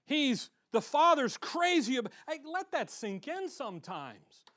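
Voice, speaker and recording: A man's voice: extremely high pitch, very animated, a little slow, bright, forceful tone. A man preaching a sermon as pastor, reading scripture and talking in a conversational way full of rhetorical questions. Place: church service.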